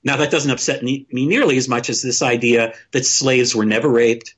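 Blunt, husky-voiced man ranting casually. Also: mid-range voice, steady tone, moderate pace, fairly bright tone, muffled recording. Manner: opinionated, blunt, swears freely, many restarts. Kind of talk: casual podcast discussion.

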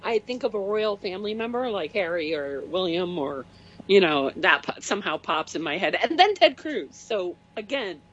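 A man calling in to a radio show, talking in a halting, self-deprecating way. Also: high voice, very animated, a bit bright, highs cut off, slight background noise. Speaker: caller. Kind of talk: call-in radio chat.

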